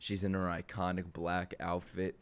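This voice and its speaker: A young man giving a profane, jokey reaction to an anime opening, swinging between low murmurs and excited shouts. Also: moderate pace, smooth. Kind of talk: live reaction commentary.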